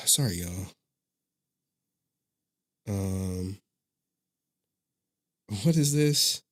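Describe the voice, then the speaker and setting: A man's voice: deep voice, animated, extremely slow. A man hosting a casual live stream who talks to his chat in a loose, rambling way and laughs often. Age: adult father of a young child.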